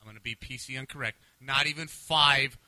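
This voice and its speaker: A man's voice: mid-range voice, brisk, sharp tone, a little hiss or hum. A man co-hosting a casual show, telling stories with energy and reading out messages from listeners. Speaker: podcast co-host. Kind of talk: casual banter.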